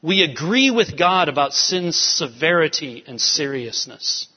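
A pastor preaching a sermon with emphatic, rising urgency. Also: male voice, fairly high pitch, sing-song, unhurried, slightly rough. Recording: dull sound with long hall reverb.

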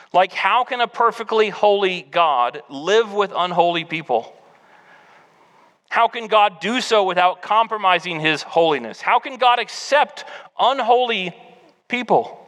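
Male pastor, high bright voice, earnest sermon delivery, hall reverb. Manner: earnest, exhortative preaching.

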